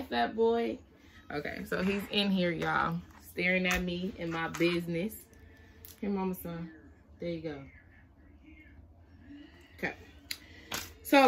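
A woman's voice: lowish voice, creaky, fairly bright tone, slight background noise. A young woman chatting casually to camera as a vlogger, often apologizing and talking to her baby while she looks through letters.

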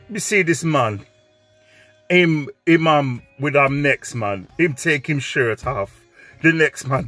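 A man's voice: a little high, no room sound. A man voicing an angry Jamaican man who loves cowboy films, speaking in heavy patois. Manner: heavy patois, indignant and loud.

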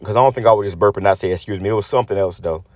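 A man's voice: on the low side, rapid-fire, a little mellow, dry recording. A man preaching bluntly and profanely, reading scripture aloud and then commenting on it, often repeating words as he restarts. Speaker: religious channel host. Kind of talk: preaching rant.

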